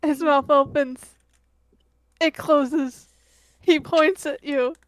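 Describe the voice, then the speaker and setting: High-voiced woman rambling through her turn. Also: fairly even intonation, slow, dry recording. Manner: rambling, hedging with "like". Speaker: tabletop game player. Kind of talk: narrating her character's actions.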